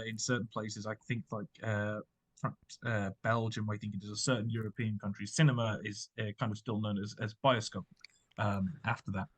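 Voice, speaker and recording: A man's voice: lowish voice, fairly bright tone. A man hosting a casual chat, talking through his research with many fillers and restarts. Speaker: podcast host presenting research.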